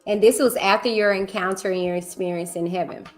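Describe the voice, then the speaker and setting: A woman's voice: medium pitch, fairly even intonation, fairly quick, faint music behind. A woman hosting an interview, reacting briefly and asking a follow-up question. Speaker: host.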